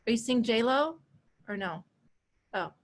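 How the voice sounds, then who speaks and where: Woman in her forties, coach, fairly high voice, chatty, laughs often, video call audio. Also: slow pace. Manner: chatty, animated, laughs easily, repeats phrases. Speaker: coach and course instructor. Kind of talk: live online class, casual teaching.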